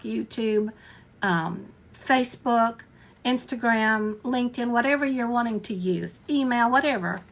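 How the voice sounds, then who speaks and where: A woman's voice: creaky, a bit bright, a little hiss or hum. A woman vlogger explaining an offer in a casual, emphatic way, repeating points and checking that listeners follow. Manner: repetitive, checks listener understands with questions; earnest, emphatic sales pitch. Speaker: online business vlogger.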